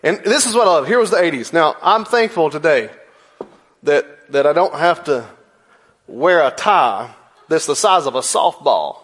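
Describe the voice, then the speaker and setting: A man's voice: a little high, expressive, normal speed, fairly bright tone. A man in his forties preaching a sermon in a church, telling a story with playful asides. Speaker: pastor.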